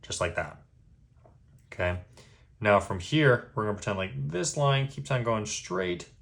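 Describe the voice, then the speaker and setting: A man giving a step-by-step drawing lesson, patient and easygoing, checking in with a quick "okay?" after each step. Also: on the low side, expressive, fairly bright tone. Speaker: drawing instructor.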